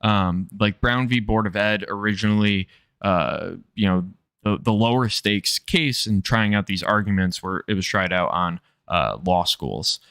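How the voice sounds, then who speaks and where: A man streams casual commentary in a nasal, smooth, low voice, speaking slowly and dead dry close to the mic. He rambles, breaks off mid-thought and swears freely. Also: a bit bright, no room sound. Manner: rambling, self-interrupting, sprinkled with profanity.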